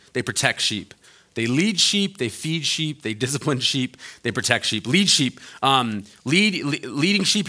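A man preaching a sermon as a pastor, animated and jokey with many fillers and restarts, dropping low and quiet for earnest points.

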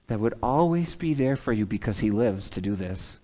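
A man preaching a sermon in a church, animated and emphatic, swinging from loud peaks to soft, low passages. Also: measured pace, few pauses, low-quality recording. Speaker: pastor. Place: church sanctuary, away from the pulpit.

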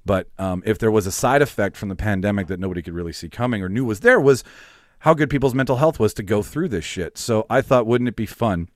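Lively low-voiced man hosting a podcast. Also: fast, dry recording, clean studio sound. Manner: loose, profane, laughs often. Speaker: podcast host. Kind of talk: casual podcast chat.

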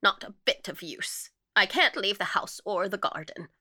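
A woman's voice: medium pitch, animated, moderate pace, sharp tone, slightly rough, no echo, clean studio sound, heavily acted. A woman voicing an eccentric, possessive old spinster in a spoken story, shifting between wistful whispers and jealous wails. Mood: mournful.

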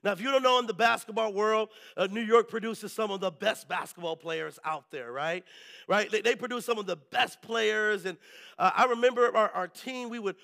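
A male pastor preaching a sermon, telling lively stories and often checking in with the congregation. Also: high voice, normal speed, vocal fry. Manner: lively storytelling, keeps asking the crowd "right?".

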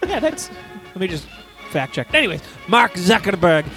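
A man's voice: sits high, very animated, moderate pace, music in the background. A man improvising crude comedy bits, rambling and laughing at his own jokes.

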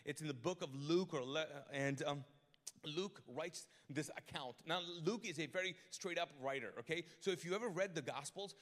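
A man, a pastor, telling a funny story during a live sermon in a big church, talking in a casual, animated way and often correcting himself mid-sentence. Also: fairly high pitch. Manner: animated, conversational, humorous, with quick self-corrections. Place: large church auditorium. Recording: live church recording with long reverb.

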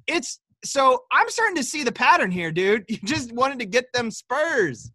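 A man's voice: very high voice, big pitch swings, normal speed, hardly any pauses, sharp tone, dry recording, studio quality. A young man from the American Midwest, co-hosting a podcast in casual, teasing banter full of swearing. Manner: joking, profane, teasing. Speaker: podcast co-host.

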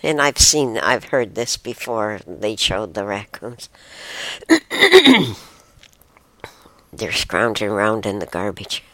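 A low-voiced woman, chatting casually on her own show. Her pitch swings widely as she rambles, giggles and slips into soft whispers, and her tone is bright and a little sharp. The sound is dry and close. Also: sing-song, takes it slowly, pauses often, dry recording. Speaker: podcast host. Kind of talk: casual solo talk.

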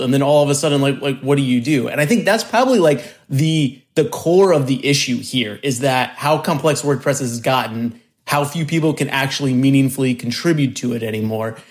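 A man on a tech talk panel explaining his view conversationally, often saying "like". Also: medium pitch. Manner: conversational, frequent "like" fillers. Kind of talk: casual discussion.

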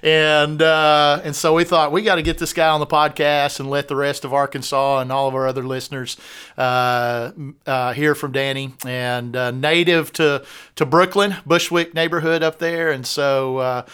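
A man's voice: a little high, fairly even intonation, normal speed, fairly bright tone, clear, resonant tone. A man co-hosting a podcast in casual chat, joking and rambling with lots of "uh" fillers. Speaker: podcast co-host.

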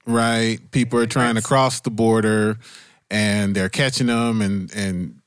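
A man's voice: fairly low pitch, fairly even intonation, a little slow, clean tone, dry recording, clean studio sound. Joking, drawling man co-host. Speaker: podcast co-host. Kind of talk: casual chat.

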